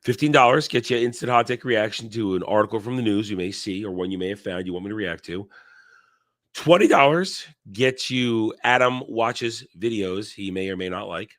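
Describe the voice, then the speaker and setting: A man with a fairly low voice hosts a casual live stream while sick, his voice strained and tired. He rambles, restarts and stops to cough. The sound is dry and close. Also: normal speed, fairly bright tone, dry recording. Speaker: host.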